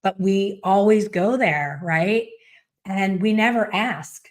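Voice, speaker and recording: A woman's voice: mid-range voice, slow pace. A middle-aged woman who owns a salon, giving candid, chatty advice to fellow hairstylists and acting out what people say. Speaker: salon owner and hair color educator. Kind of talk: casual coaching talk.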